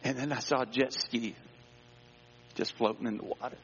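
A male pastor telling a personal story in a sermon, dramatic, dropping to a hush and rising again. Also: mid-range voice, steady tone, normal speed, slight background noise. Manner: dramatic, swings between hushed and raised voice. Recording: dull sound with long hall reverb.

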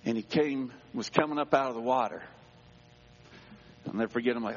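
A male pastor telling a personal story in a sermon, dramatic, dropping to a hush and rising again. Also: medium pitch, a little fast. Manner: dramatic, swings between hushed and raised voice. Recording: dull sound with long hall reverb.

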